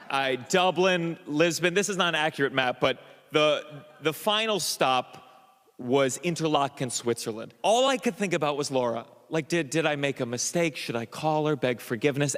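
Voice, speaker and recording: A man doing stand-up, telling a long story in an excitable, self-mocking way with stammered restarts. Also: fairly high pitch, clean tone, long reverb tail. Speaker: stand-up comedian. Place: comedy stage.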